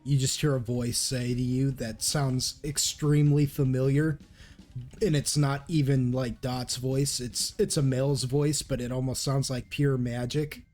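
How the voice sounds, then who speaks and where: A man's voice: medium pitch, little pitch movement, measured pace, a little mellow, soft background music. A young man narrating a tabletop game as game master in a playful, teasing way. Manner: playful, teasing, laughs often.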